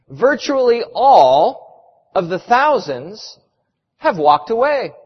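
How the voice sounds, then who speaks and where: A man preaching a sermon, retelling a story with dramatic, emphatic pauses. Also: sits high. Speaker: pastor. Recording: reverberant hall, muffled sound.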